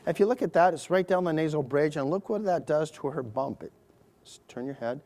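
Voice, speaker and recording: A man's voice: on the high side, fairly quick, darkish tone. A middle-aged man, a surgeon, narrating a live procedure demonstration to an audience, explaining each step with chatty, joking asides.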